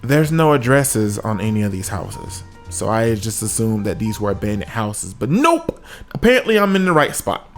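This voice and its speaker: A man telling a comic story from his own life, with sudden high-pitched exclamations. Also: sing-song, normal speed. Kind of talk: comedic story time. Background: faint music.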